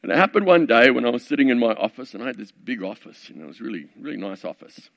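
Gravelly middle-aged man telling a sermon story. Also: medium pitch, very animated, fast talker, a bit bright. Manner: conversational, anecdotal, many fillers and wry asides. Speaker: preacher. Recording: dull lo-fi recording.

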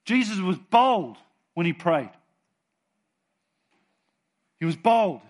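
A man preaching to his church, moving between soft chatty asides and loud, bold readings of scripture. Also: high-pitched, very animated, takes it slowly. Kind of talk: sermon.

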